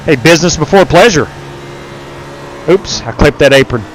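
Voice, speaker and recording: A man's voice: fairly high pitch, animated, normal speed, slight background noise. A man streaming a sim race live, chatting casually and greeting viewers by name as he drives. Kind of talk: live stream commentary while racing.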